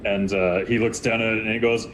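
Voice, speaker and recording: A man's voice: fairly low pitch, flat delivery, brisk, background noise. A man narrating a tabletop game as game master, telling the scene loosely and rambling over voice chat.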